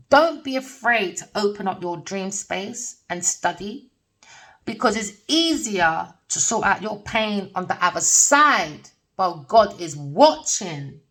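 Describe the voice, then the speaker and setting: A woman's voice: medium pitch, a bit bright. Blunt rambling woman tarot reader, distant mic. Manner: blunt, swears freely, rambling, laughs often. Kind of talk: rambling spiritual tarot reading.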